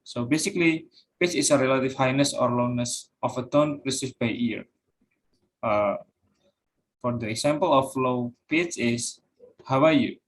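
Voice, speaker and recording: A man's voice: medium pitch, expressive, normal speed. A young man giving a class presentation, reading out points with frequent fillers and repeating each example word. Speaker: student presenter.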